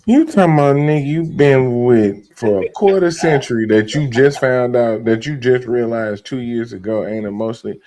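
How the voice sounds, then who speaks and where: A man's voice: medium pitch, normal speed, few pauses, dark tone. A man co-hosting a podcast, reacting to a story in incredulous, casual banter. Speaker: podcast co-host. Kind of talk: casual chat.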